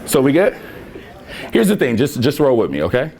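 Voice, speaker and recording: A young man from near Chicago giving an energetic keynote speech to students, joking and leading call-and-response chants with slangy, playful talk. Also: mid-range voice, normal speed, creaky, a crowd in the background. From Harvey, Illinois, near Chicago. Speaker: keynote speaker. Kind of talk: motivational speech to a student crowd. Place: large hall with a student audience.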